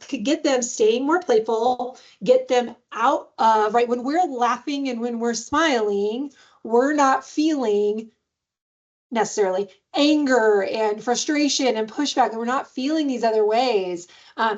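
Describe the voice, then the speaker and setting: A woman's voice: on the high side, muffled recording. A woman giving a parenting webinar in a conversational way, with many fillers and sudden playful sing-song bits. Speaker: webinar presenter on adoptive parenting. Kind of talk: instructional webinar talk.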